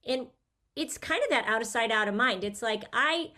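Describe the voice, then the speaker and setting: A woman's voice: a little high, expressive, moderate pace, bright, forceful tone. A middle-aged woman in casual chat, telling emotional stories about her son leaving for college.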